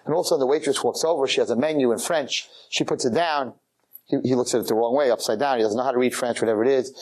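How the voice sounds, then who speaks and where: A man, a rabbi, telling a story in a lecture with animated, theatrical delivery. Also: medium pitch, rapid-fire.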